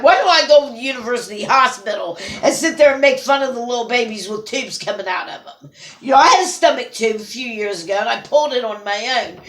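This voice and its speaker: A woman's voice: on the high side, fairly bright tone. A woman ranting to camera in an angry, scolding, at times tearful vlog. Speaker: vlogger. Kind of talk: emotional rant to camera. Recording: roomy echo.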